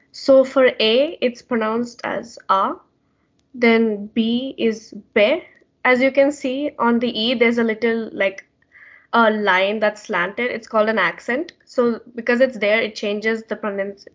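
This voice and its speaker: A woman teaching in an online class, explaining patiently with many fillers, over muffled call audio. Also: fairly high pitch. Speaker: language session teacher.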